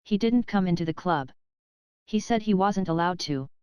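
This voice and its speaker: Woman doing a gentle vague old english lady, musing softly, dry close mic. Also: fairly low pitch, animated, normal speed, clean tone, dry recording, dull audio, close to an everyday voice. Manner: mild, musing.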